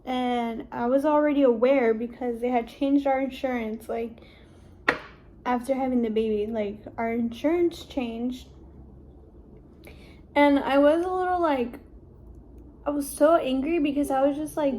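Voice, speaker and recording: A young woman vlogger telling a personal story to the camera in a halting, emotional way, filling her speech with "like". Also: sits high, steady tone, mellow, a little hiss or hum. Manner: heavy use of "like", halting and emotional.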